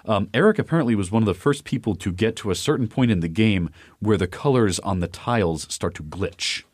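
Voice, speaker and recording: A man with a low voice co-hosts a casual podcast chat. He rambles, stopping and restarting with plenty of fillers. The sound is dry and close, with no room echo. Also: expressive, fairly quick, husky. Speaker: podcast co-host.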